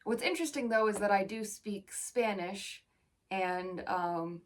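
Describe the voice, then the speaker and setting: A woman's voice: medium pitch, a little slow. Chatty young American woman, slightly distant mic. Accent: standard American. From United States. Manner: chatty, rambling, self-deprecating asides. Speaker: actor. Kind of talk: casual vlog chat.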